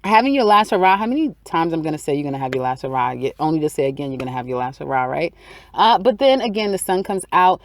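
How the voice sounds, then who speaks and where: A woman's voice: deep voice, sing-song, quick pace, a little hiss or hum. A woman giving a casual weekly tarot reading, chatty and repetitive, acting out people's inner thoughts. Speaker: tarot reader.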